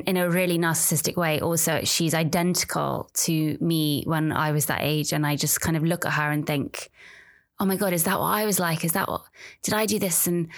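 A woman, chatting casually and candidly on her own, often trailing off and restarting. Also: low voice. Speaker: podcast host. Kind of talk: casual solo chat about pregnancy and birth.

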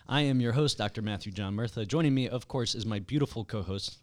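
A man's voice: medium pitch, quick pace, darkish tone. A young man hosting a casual podcast, telling self-mocking jokes and stories. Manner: joking, self-mocking storyteller. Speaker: podcast host.

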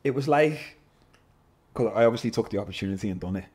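Lively man telling stories. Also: fairly low pitch, quick pace, slightly rough. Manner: animated, swears, says "lad" constantly. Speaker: podcast guest, MMA fighter. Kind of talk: casual storytelling interview.

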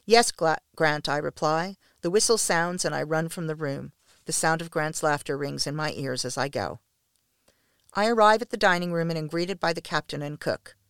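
A woman reading a first-person story aloud in a measured, even way. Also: low voice, creaky, smooth, dry recording, studio quality. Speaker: narrator.

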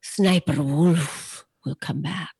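A woman voice actor chatting as a guest in an interview, a lively storyteller who often restarts her sentences. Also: low-pitched, slow, vocal fry, breathy edge, no echo. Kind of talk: casual interview chat.

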